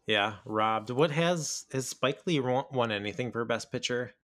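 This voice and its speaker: A man's voice: mid-range voice, a little slow, no echo. A man hosting a casual movie podcast, talking loosely with many fillers. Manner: relaxed, lots of fillers like "like" and "kinda". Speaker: podcast host.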